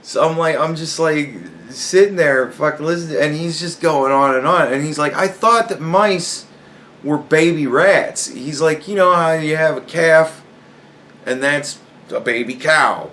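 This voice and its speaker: A man's voice: a little high, a little slow, a little hiss or hum. Profane storytelling man, laughing. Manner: profane, animated, laughing a lot while telling. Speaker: podcast host. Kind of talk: casual storytelling.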